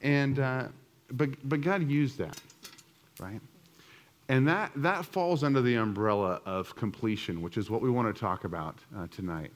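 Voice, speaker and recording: A man's voice: mid-range voice, moderate pace. A man in his thirties telling a personal story to a church group, casual and self-mocking, full of fillers and restarts. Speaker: church speaker.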